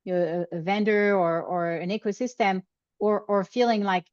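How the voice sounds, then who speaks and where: A woman's voice: medium pitch, steady tone, normal speed, darkish tone. A woman hosts a podcast interview and thinks aloud, restarting her phrases many times as she works out her point. Her voice sounds dull and slightly muffled. It is close to the mic and dry, with no room echo. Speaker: podcast host.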